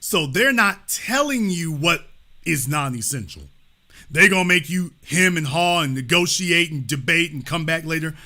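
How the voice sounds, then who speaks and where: A man's voice: fairly high pitch, animated, normal speed, sharp tone. A man hosting a live call-in talk show, talking casually and repeating his points. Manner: casual, repetitive, restates lines.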